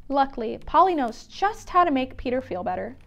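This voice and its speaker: A children's librarian, a woman, leading a story time with songs and a picture book, gentle and sing-song as she talks to small children. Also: high voice, sing-song, brisk, gravelly.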